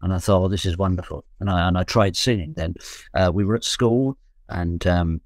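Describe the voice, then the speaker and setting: A deep, steady voice belongs to a London man in his seventies, a guest musician casually recounting his youth with rambling tangents, jokes and self-corrections. He speaks at a moderate pace in a dry, clean studio recording.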